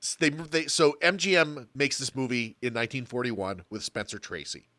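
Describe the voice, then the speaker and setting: A man's voice: medium pitch, moderate pace, pushed and bright, dry recording. A man co-hosting a podcast, talking casually and bluntly about an old film and swearing freely. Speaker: podcast co-host.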